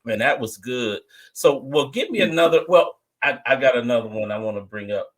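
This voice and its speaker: A man's voice: medium pitch, fairly quick, a little hiss or hum. A man hosting a casual talk show, prompting his grown children to tell their stories, often repeating and restarting his words. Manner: lively, repeats himself, draws stories out of guests. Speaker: host.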